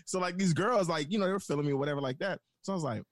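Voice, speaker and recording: A man co-hosting a podcast, ranting and telling stories in an animated way. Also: fairly high pitch, very fast, over a noisy crowd. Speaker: podcast co-host. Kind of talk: casual chat.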